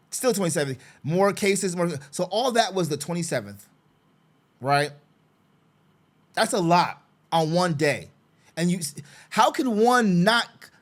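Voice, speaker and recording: Brief: man with a high-pitched voice, a frustrated father talking through his own case, repetitive and sarcastic. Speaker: father representing himself in a custody case. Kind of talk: casual screen-share walkthrough.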